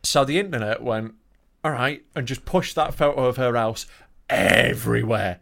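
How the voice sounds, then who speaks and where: A man's voice: medium pitch, normal speed, vocal fry, fairly bright tone. A man co-hosting a comedy podcast, telling a rambling story that keeps getting sidetracked, laughing often. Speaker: podcast co-host. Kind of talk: casual comedy chat.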